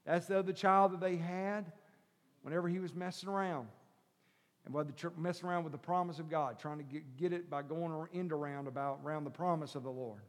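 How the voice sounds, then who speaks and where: A male pastor preaching a sermon, shifting from quiet teaching to loud shouted preaching and calling the listeners brother and sister. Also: on the high side, fairly even intonation, brisk. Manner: calls the congregation brother and sister. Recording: long hall reverb.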